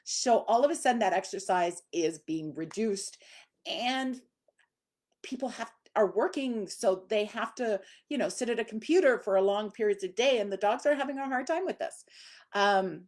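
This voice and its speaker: A woman's voice: medium pitch, expressive, moderate pace, a little mellow. A middle-aged woman, a dog trainer, teaching casually on a live stream in a chatty, conversational way with lots of fillers.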